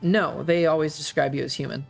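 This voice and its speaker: A man narrating a tabletop game as game master, halting often with fillers. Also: a little high, vocal fry, faint music behind.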